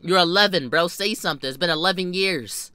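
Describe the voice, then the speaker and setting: Young guy ranting a story, bright tense voice, dry, swears a lot, gets loud fast. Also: clear, resonant tone, no echo. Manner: animated, profane, jumping pitch and loudness. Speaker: vlogger. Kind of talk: storytime vlog.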